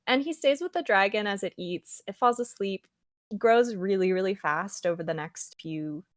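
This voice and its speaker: Low-voiced woman chatting about a book. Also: no echo, studio quality. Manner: animated retelling with reading aloud. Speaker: podcast co-host. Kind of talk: casual book chat.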